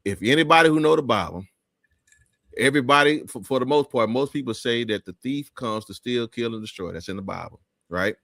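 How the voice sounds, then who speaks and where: A man's voice: medium pitch, lively intonation, brisk, gravelly, fairly bright tone, no room sound, clean studio sound. A man hosting a live talk show, speaking in an emphatic, preachy way with many restarts.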